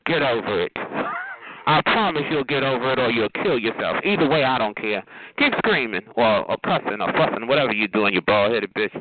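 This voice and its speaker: A man's voice: mid-range voice, animated, fairly quick. A man on a chat line, arguing with sass and taunts, calling the other caller honey and child. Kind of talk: heated phone argument. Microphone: phone. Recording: tinny phone line with noise.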